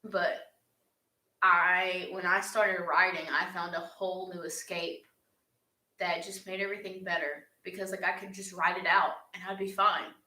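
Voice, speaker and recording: A woman's voice: lowish voice, little pitch movement, normal speed, pushed and bright. A young woman answers fan questions in an earnest, heartfelt casual chat, with laughs along the way. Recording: echoey room.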